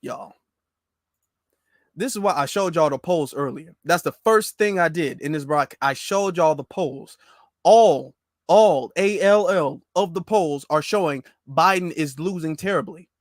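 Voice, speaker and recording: A male commentator reacts to the news in a mocking, slangy, animated way. His voice sits high. The sound is dry and close. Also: measured pace, no echo. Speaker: political commentator. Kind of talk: casual political commentary.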